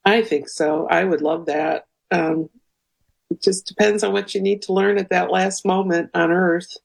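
Gravelly low-voiced woman guest. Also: measured pace, rough recording. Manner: calm and earnest, hesitant fillers. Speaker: guest researcher. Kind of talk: radio interview.

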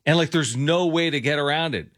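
A man co-hosting a sports radio show, animated and casual, often saying "dude" and "like.". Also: fairly high pitch, a little fast.

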